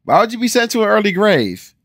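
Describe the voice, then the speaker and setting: A man of 40 from Ohio, speaking with an American accent, hosts a laid-back music video reaction, veering between loud exclamations and mumbled asides. His high-pitched voice swings widely in pitch and moves fast, recorded at studio quality with no echo.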